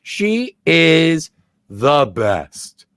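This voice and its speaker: A man's voice: on the high side, sing-song, fairly bright tone, clear, resonant tone, no echo. Eager man in a dry, close podcast voice. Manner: eager, quick to correct his co-host. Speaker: podcast co-host. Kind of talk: casual film-recap chat.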